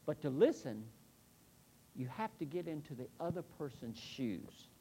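A middle-aged man preaching a sermon in an earnest, emphatic way, slowing down to stress key points. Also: on the high side, big pitch swings, mellow, a little hiss or hum. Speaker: pastor.

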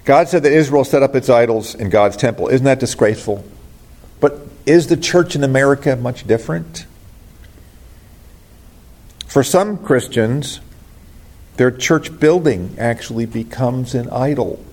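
A man's voice: medium pitch, measured pace, pauses often, a little mellow. Earnest middle-aged male pastor preaching. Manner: earnest preaching with rhetorical questions. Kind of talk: sermon.

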